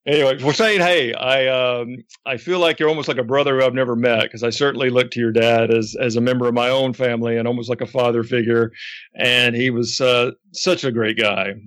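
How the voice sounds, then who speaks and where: A man in his regular role as a podcast host, chatting casually with his guest. He tells stories with energy and slips into other people's voices when quoting them. His pitch sits in the middle range. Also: brisk. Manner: animated storyteller, acts out quotes. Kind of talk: casual interview chat.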